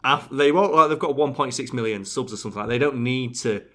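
A young man who co-hosts a YouTube channel, talking fast and jokily in a casual chat. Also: mid-range voice. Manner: fast, animated, jokey storyteller.

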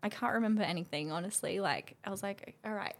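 A woman's voice: medium pitch, fast talker. A woman in her twenties chatting casually as a podcast guest, telling a story with acted-out quotes and frequent laughter. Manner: animated storytelling, acts out quotes, laughs often. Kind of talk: casual chat.

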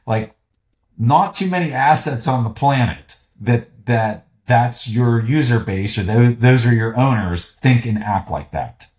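A man with a Southern US accent talks in a middle-pitched voice, emphatic and fired up, with a teasing edge. He is a podcast guest in casual conversation, recorded in a roomy space with a noticeable echo. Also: lively intonation, measured pace, a little mellow.

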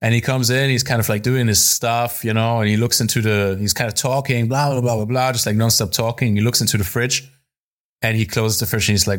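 A chef and podcast co-host, this man tells his story in a low, relaxed register. He laughs often and swears casually as he goes. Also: brisk.

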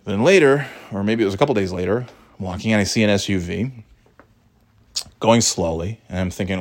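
A man's voice: fairly low pitch, a little fast. Wry man telling a rambling story. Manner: rambling, wry, self-deprecating. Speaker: vlogger. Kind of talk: casual storytelling.

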